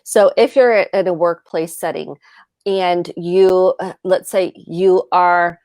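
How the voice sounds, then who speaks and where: Brief: woman therapist, calm and explanatory, a bit low-pitched, very dry close sound. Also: slow, no echo. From United States. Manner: calm, explanatory, acts out example dialogue. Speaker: therapist co-host. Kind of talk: live advice chat.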